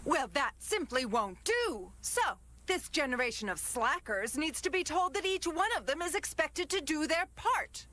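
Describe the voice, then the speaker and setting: A woman's voice: high voice, lively intonation, normal speed, hardly any pauses, sharp tone. A woman voicing a haughty, tired middle-aged bee queen in a cartoon, with a regal, exasperated delivery. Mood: weary, regal. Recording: film audio with music behind.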